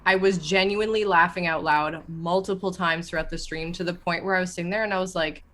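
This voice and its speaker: Excitable rambling woman, bright voice. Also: on the low side, fast talker. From Canada. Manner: excited, rambling, swears freely. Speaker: tabletop game player. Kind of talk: casual chat.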